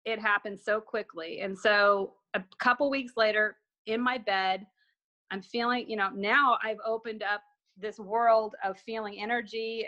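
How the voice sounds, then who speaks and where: A woman's voice: medium pitch, sharp tone. A woman guest telling a personal story in conversation, acting out remembered dialogue with frequent restarts.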